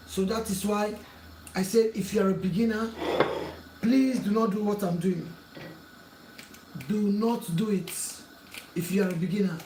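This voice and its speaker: A cooking channel host, a woman with a warm, mid-range voice, keeps issuing earnest, repeated pleas and warnings during her home kitchen tutorial. Expect a slight hiss or hum, an echoey room, clattering pots, and a mic set at a distance.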